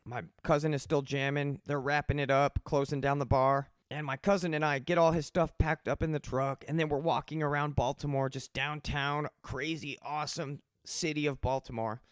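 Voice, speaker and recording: A man's voice: a little high, no echo, studio quality. A man in his thirties hosting a personal storytelling podcast, talking casually with rambling, profane asides. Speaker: podcast host.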